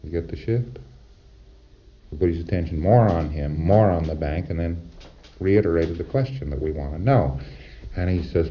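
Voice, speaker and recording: A deep-voiced man delivers a lecture, emphatic and rhetorical, often checking in with his audience. The recording is dull and lo-fi, like a 1960s lecture tape. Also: normal speed, long pauses.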